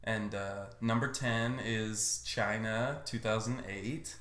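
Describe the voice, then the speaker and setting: رجل مازح يتحدث بعامية وألفاظ نابية. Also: male voice, on the low side, fairly even intonation, takes it slowly, a bit bright. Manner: joking, slangy and profane. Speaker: podcast co-host. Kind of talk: casual chat. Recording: roomy echo with faint noise.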